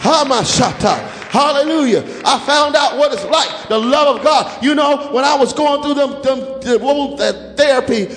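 Older male pastor, very high voice, shouting repetitive sermon cadence, echoing church hall. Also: normal speed, hardly any pauses, slight background noise. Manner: shouting, rhythmic repetition, chanted phrases.

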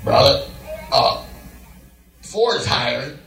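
Man voicing older pastor, fumbling, low, halting, roomy distant sound. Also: sing-song, vocal fry, fairly bright tone, soft background music, exaggerated voice. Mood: coaxing.

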